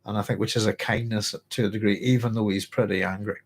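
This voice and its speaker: A man hosting a live book club, chatting through a novel and readers' comments in a thoughtful, rambling way with many pauses and restarts. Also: fairly low pitch, steady tone. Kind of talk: casual live book discussion, reading aloud and chatting.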